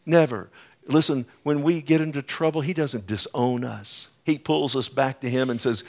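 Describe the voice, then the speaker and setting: A man preaching a sermon as a pastor, emphatic and repetitive, calling out to his listeners and dropping suddenly soft for effect. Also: medium pitch, animated, normal speed. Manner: acts out quoted dialogue, repeats calls like "Amen?" and "Listen".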